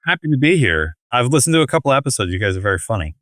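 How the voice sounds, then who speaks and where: A man's voice: mid-range voice, big pitch swings, rapid-fire, a bit bright, dry recording, studio quality. A man on a comedy podcast as the guest, telling rambling, self-deprecating stories in casual chat.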